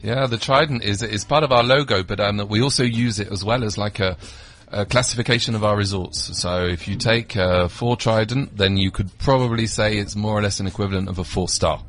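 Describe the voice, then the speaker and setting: Easygoing British man, low voice. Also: brisk, hardly any pauses, fairly bright tone. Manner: easygoing, hesitant with frequent ums. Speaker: guest, resort company representative. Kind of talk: casual chat.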